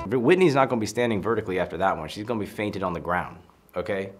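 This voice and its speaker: A man's voice: low-pitched, expressive, fast, faint music behind. A man giving casual, emphatic advice on conversation, acting out example lines. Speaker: social skills coach. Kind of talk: casual advice talk to camera.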